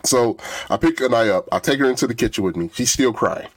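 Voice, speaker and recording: A man's voice: medium pitch, fast. A young man on a podcast telling a story in casual chat, rambling and often restarting. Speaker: podcast co-host, producer.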